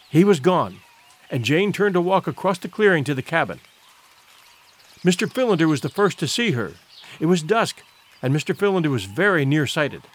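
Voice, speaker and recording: A male audiobook narrator reads a classic adventure tale at a moderate pace in a fairly high voice. His pitch rises and falls widely with the drama, giving an expressive, theatrical, scripted storybook reading.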